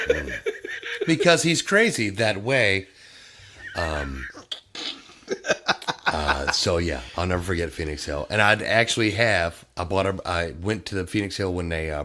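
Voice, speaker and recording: Male podcast host, low-ish bright voice, lively swings in pitch, laughing storyteller. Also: normal speed. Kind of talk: casual chat.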